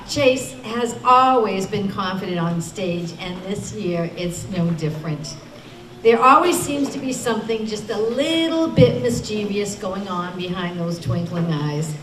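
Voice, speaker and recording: Woman hosting, heard from afar. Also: medium pitch. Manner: encouraging, praising introductions. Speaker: event host and teacher. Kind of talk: introducing storytellers at a school event. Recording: echoey room from a distant mic, audible noise.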